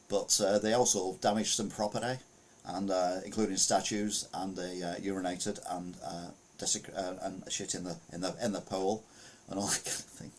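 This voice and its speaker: A man's voice: low voice, level tone, normal speed. A man hosting a casual news podcast, rambling and chuckling as he reads out stories and mutters asides to himself while sharing his screen. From United Kingdom. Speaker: podcast host.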